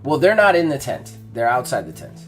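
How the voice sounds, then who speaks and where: A man narrating as game master in a tabletop game, casual and relaxed, with lots of fillers. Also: medium pitch, brisk, soft background music.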